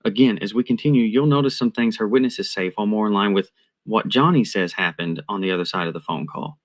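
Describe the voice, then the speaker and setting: A man with a slightly low voice narrates a prepared commentary. He lays out each point in a measured, deliberate and analytical way.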